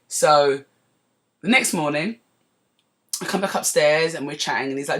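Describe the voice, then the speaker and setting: A woman hosting a podcast, telling a personal story in a chatty, digressive way that turns animated as she relives it. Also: low-pitched, moderate pace, long pauses. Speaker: podcast host. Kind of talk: casual storytelling monologue.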